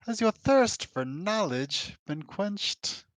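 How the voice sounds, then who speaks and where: A man voicing a serene, all-knowing crystal creature with slow, lofty pronouncements in a tabletop game. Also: sits high, very animated, no echo, voice pushed up, heavily acted. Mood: solemn.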